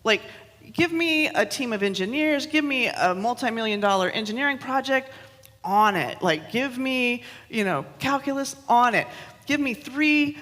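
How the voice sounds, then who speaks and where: A woman's voice: on the high side, expressive, normal speed, fairly bright tone, in a large hall. A woman in her thirties, a minister giving a chatty, self-mocking sermon with personal stories, laughing often. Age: 30s. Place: church hall.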